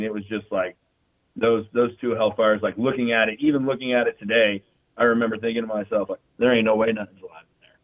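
A man telling war stories in casual, profane talk, full of fillers and repeated "you know what I mean". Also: mid-range voice. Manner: casual, profane, fast storytelling with frequent fillers. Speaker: military veteran guest. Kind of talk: casual storytelling. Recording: tinny phone-like sound.

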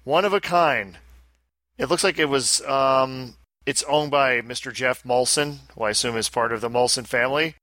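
A man's voice: medium pitch, moderate pace, sharp tone, no echo, clean studio sound. A man hosting a casual podcast, reading listener emails aloud with wry asides. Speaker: podcast host.

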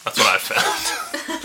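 Laughy teasing podcast dude, voice swoops all over, slow talker, noisy recording. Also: male voice, extremely high pitch. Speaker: podcast co-host and editor. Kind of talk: casual chat.

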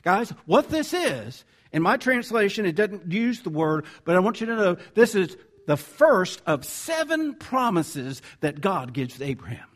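A man's voice: sits high, a little slow, few pauses. A man with a Southern American accent preaching a conversational sermon, reading scripture and correcting himself as he goes. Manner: animated, conversational, self-correcting. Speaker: pastor.

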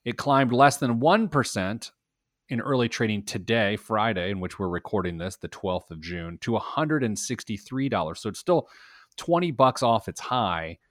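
Finance radio host guy, super animated voice, dry studio sound. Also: on the low side, moderate pace, dry recording. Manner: animated, jokey, reads items with playful emphasis. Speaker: host of a personal finance show. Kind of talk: casual radio show banter.

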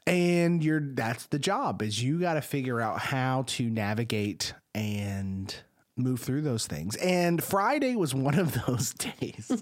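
A man hosts a podcast and tells a long story in a casual way, with a pitch that swoops widely from line to line. He acts out the people in his story. He speaks as a school administrator.

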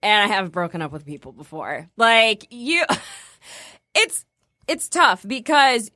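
A woman's voice: mid-range voice, big pitch swings, takes it slowly, sharp tone, dry recording, studio quality. A woman in casual chat, giving frank advice.

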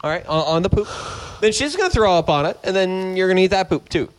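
A man's voice: high-pitched, very animated, fast talker, no room sound. A man co-hosting a podcast, rambling through crude jokes with lots of fillers and laughter. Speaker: podcast co-host. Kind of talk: crude casual banter.

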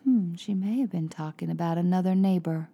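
A woman's voice: on the low side, a little fast, gravelly, mellow, breathy edge. Woman reading an evasive, defensive man. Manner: defensive, hedging replies. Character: defensive, evasive adult male neighbor.

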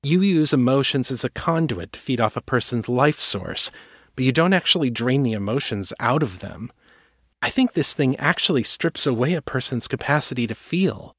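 A man reading aloud and voicing a calm, firm young woman telepath who explains and reassures steadily. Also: medium pitch, normal speed, slightly rough, no echo, studio quality, pitched above the performer's own voice. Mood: explaining.

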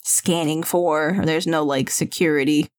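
A woman playing a tabletop role-playing game, thinking aloud with laughs and halting restarts. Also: deep voice, steady tone. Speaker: player. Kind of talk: casual tabletop role-play chat.

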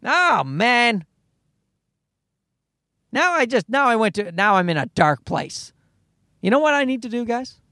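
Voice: mid-range voice, sing-song, a little slow, pauses often, pushed and bright, dry recording, clean studio sound. A podcast host ranting casually, swearing often and restarting sentences. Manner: profane, ranting, many restarts.

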